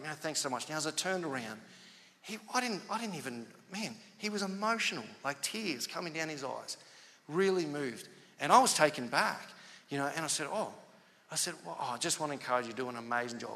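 A man's voice: on the high side, big-room sound. A male pastor, telling a story in a conversational sermon and acting out the dialogue. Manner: animated, conversational, acts out quoted dialogue.

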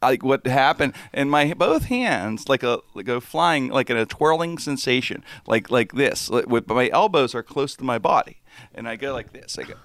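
A man's voice: medium pitch, animated, moderate pace, fairly bright tone, no room sound, studio quality. A man telling a rambling, self-deprecating story in casual chat, laughing as he goes.

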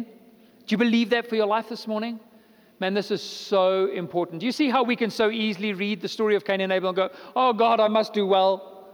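Male pastor, high voice, emphatic repetitive sermon delivery, reverberant church hall. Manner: preaching with rising emphatic repetition.

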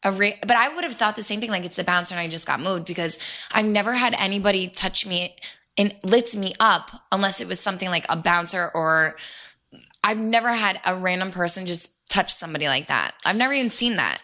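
A woman's voice: medium pitch, brisk, pushed and bright. A young woman reacting emphatically during a casual chat. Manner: reactive, emphatic, gasps often.

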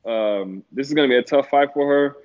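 A man's voice: medium pitch, fairly quick, darkish tone, dull audio. A man chatting casually about fights on a podcast, laid-back with lots of fillers and easy laughter. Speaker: guest analyst.

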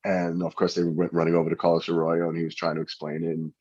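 A middle-aged man, a pitching coach, chatting in an interview and telling anecdotes with frequent restarts. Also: completely flat delivery, quick pace, darkish tone, husky, no room sound. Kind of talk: interview storytelling. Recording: dull lo-fi recording.

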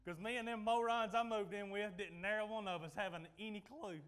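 A middle-aged man preaching a sermon, telling folksy stories and swinging from loud declarations to quiet asides. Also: sits high, fairly even intonation, a little fast, smooth.

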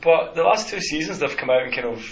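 A man's voice: on the high side, expressive, quick pace. Male podcast co-host, loose rambling delivery, faint hiss under a roomy, muffled recording. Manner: rambling, many restarts and fillers. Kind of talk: casual football chat.

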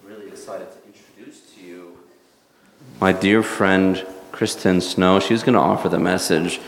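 A man hosting a church gathering, introducing the speaker in an unhurried way. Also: low-pitched, steady tone, roomy sound, long reverb tail. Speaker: church host.

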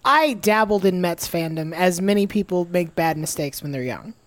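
A woman's voice: fairly low pitch, lively intonation, moderate pace, crowd noise. A woman on a podcast in casual chat, hedging and self-deprecating. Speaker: podcast producer.

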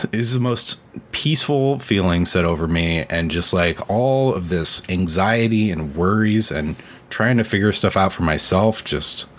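A man's voice: deep voice, lively intonation, unhurried. A man in his thirties telling a personal faith story in casual talk, earnest and full of fillers. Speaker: podcast co-host.

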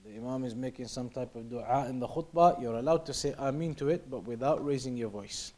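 Fast-talking man teaching a religious class. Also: medium pitch, a little mellow. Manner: repetitive, explanatory, drops to a near-whisper to demonstrate. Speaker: teacher of Islamic law. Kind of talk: class lesson, reading Arabic text and explaining in English.

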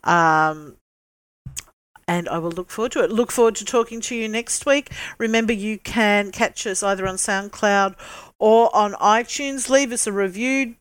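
A woman's voice: medium pitch, moderate pace, smooth. A woman co-hosting a TV review podcast, chatting casually with plenty of ums and hesitations. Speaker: podcast co-host. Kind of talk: casual chat.

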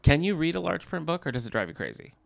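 A man's voice: a little high, sing-song, fast talker, creaky, dry recording. A man co-hosting a podcast, teasing his co-host and reading book blurbs aloud. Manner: teasing, reads synopses aloud.

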